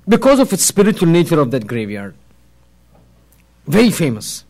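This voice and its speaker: A male preacher tells a story from the pulpit in a fairly high voice. He acts out the dialogue with big swings of pitch and loudness, rising to excited peaks and dropping to hushed lines. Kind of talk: storytelling sermon.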